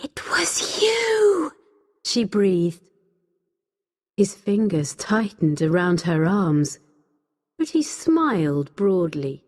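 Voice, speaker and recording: A woman narrating a story for English learners in a slow, expressive reading voice. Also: fairly low pitch. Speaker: audiobook reader. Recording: long hall reverb.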